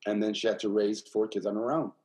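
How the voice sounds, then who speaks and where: NY guy, 50s, guest storyteller, lively and repetitive. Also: on the low side, quick pace, poor audio. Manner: animated, repeats himself, acts out quoted voices. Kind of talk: candid interview storytelling.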